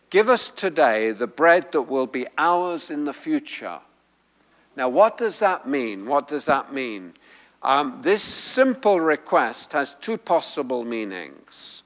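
Male preacher, slow and emphatic, lively pitch, higher voice, church hall reverb. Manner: emphatic, repeats key phrases. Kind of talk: sermon teaching from the Greek text.

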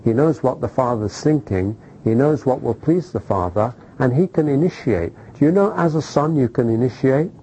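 A middle-aged man preaching a sermon, animated, throwing rhetorical questions at the congregation and checking in with "okay?". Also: mid-range voice, moderate pace, few pauses, a little hiss or hum, poor audio.

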